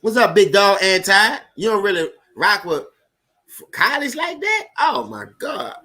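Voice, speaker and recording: A high-voiced man with a New Orleans accent talks loud and fast over a live football game. He swears freely as he reacts to the plays and answers his viewers by name in an easygoing, animated way. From Louisiana. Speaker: sports stream host. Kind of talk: casual live sports commentary.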